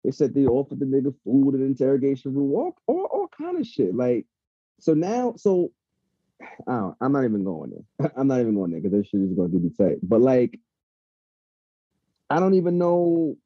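A man's voice: mid-range voice, wildly swooping pitch, moderate pace, pauses often, slightly rough, dry recording. A man talking casually and heatedly, swearing freely, as a podcast co-host. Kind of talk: casual chat. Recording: dull lo-fi sound.

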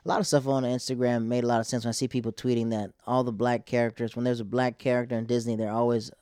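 A stand-up comedian talks in a loose, rambling way, cutting himself off and restarting his thoughts. His pitch sits in the middle of the male range. The sound is dry and close, with no room around it. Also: little pitch movement, fast, darkish tone, clear, resonant tone, no room sound. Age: 20s to 30s. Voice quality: rambling, self-interrupting. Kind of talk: casual chat.

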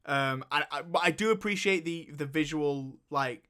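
Young male co-host, bright-toned, blunt slangy film reviewer. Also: a little high, moderate pace, clean tone. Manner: blunt, slangy, says "bro". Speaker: podcast co-host. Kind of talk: casual film review chat.

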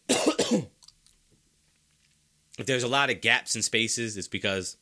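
A man's voice: mid-range voice, big pitch swings, takes it slowly, sharp tone. A sick, congested man hosting a sports podcast, arguing his opinions emphatically and repeating his points for effect. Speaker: podcast host.

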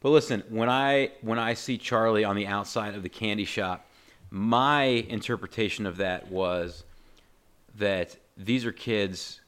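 Very deep-voiced man, dry podcast co-host. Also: a little slow, smooth. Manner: dry, deadpan joking. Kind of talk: casual movie discussion.

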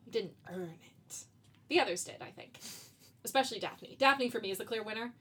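A chatty woman co-host with a slightly high voice, laughing often and dropping curse words freely. She talks in a loose, casual way. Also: brisk, pushed and bright, breathy edge. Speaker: podcast co-host. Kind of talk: casual chat.

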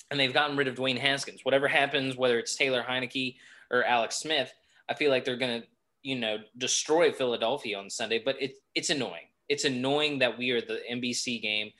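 A man with a bright, forceful tone talks football on a casual podcast. He rants in irritation, and his voice keeps rising as he pushes his point. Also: mid-range voice. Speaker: podcast co-host. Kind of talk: casual sports chat.

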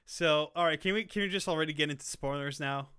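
A young man co-hosting a movie podcast, chatting casually and excitedly with lots of fillers. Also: fairly high pitch, quick pace, smooth. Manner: excitable, rambling, many fillers. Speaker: podcast co-host. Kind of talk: casual chat.

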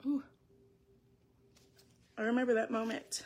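A woman's voice: a little high, fairly even intonation. Tearful woman giving testimony. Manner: tearful, halting, earnest. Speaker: church speaker giving testimony. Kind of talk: emotional personal testimony.

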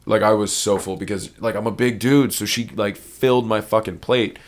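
A man's voice: fairly low pitch, fairly even intonation, moderate pace. A man hosting a podcast, talking casually in a loose, rambling way with lots of swearing. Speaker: podcast host. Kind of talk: casual chat.

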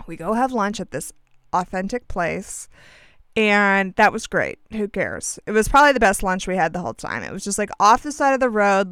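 Animated sarcastic woman telling a story. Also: medium pitch, smooth, dry recording, clean studio sound. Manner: sarcastic, animated, self-deprecating. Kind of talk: casual storytelling.

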